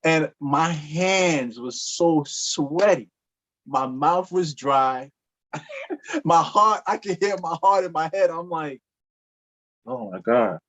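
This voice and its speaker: Animated man telling a dating story. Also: slow. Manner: animated, acts out dialogue with jumps in pitch. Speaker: podcast guest. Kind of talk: casual storytelling.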